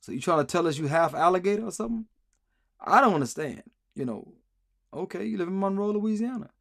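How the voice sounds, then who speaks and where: A man's voice: sits high, expressive, a little fast, gravelly. A man hosting a live stream, rambling through sarcastic commentary and answering comments from the chat. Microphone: streaming mic.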